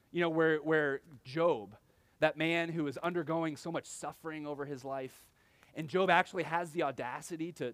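A man's voice: a little high, fairly bright tone, dry recording. A young adult man preaching a sermon in a conversational style, often acting out quotes with sudden animation. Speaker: pastor.

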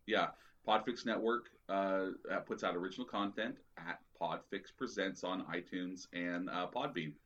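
A man's voice: deep voice, normal speed, noisy background. Man on a podcast, dull lo-fi audio. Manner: prodding, promotional asides. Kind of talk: casual chat.

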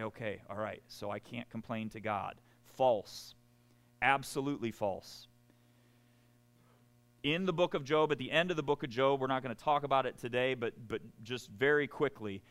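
Preacher guy, slow deliberate delivery, lively and sarcastic, lots of y'all. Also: medium pitch. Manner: animated, sarcastic asides, frequent "y'all". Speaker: pastor. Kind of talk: sermon.

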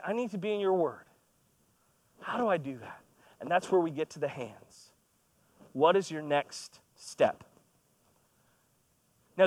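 A man's voice: sits high, dry recording. A man in his thirties preaching a sermon in a conversational, storytelling way, with self-deprecating humor. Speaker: pastor. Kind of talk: sermon with personal stories.

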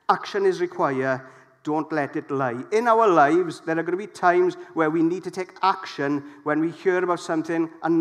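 A middle-aged man preaching a sermon, lively and jokey, putting questions to the congregation. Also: fairly high pitch.

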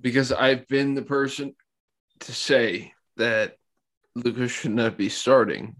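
A man's voice: medium pitch, fairly even intonation, takes it slowly, a bit bright. A man with the hiccups, talking football bluntly and swearing in a casual chat.

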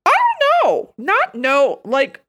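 A woman's voice: very high-pitched, huge pitch swings, takes it slowly, fairly bright tone. A woman co-hosting a casual chat, playfully spinning absurd stories and acting out quotes. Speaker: podcast co-host.

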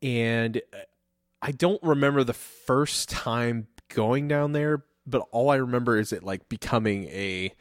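A man's voice: mid-range voice, a little slow, dry recording, studio quality. A man from Ohio chatting casually as a podcast co-host, rambling with lots of fillers and laughing often. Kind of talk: casual conversation.

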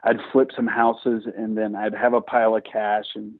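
A man guest in an interview, telling his story in a lively, self-mocking, chatty way. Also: fairly low pitch, moderate pace, breathy edge. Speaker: guest entrepreneur. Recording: tinny phone-like line, dry.

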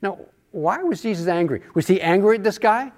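A man leads a Bible study in a high, light voice. He explains each passage in a conversational way and poses rhetorical questions to the class. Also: animated, fairly quick.

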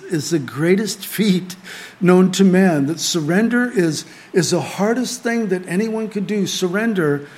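A middle-aged man preaches to a small group in a fairly high voice. He delivers his sermon earnestly, building to emphatic lines before falling back to quiet, conversational asides. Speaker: pastor.

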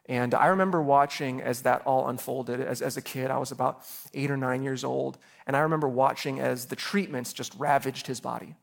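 A man's voice: mid-range voice, steady tone, brisk, vocal fry. A man in his thirties preaching a sermon as a pastor, earnest and personal, often repeating words as he starts a phrase. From Chicago area.

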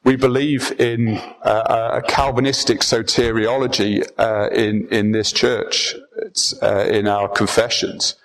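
A man's voice: on the low side, flat delivery, slow pace, few pauses, slight background noise, poor audio. A man preaching a sermon as pastor, earnest and emphatic, often restarting his phrases.

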